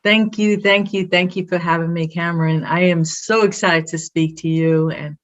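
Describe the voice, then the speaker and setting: A woman's voice: lowish voice, steady tone, normal speed, muffled recording. A woman from Brooklyn with a Brooklyn accent, proudly telling her story as an interview guest. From Brooklyn, New York. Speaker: guest, athletic director. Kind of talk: casual interview.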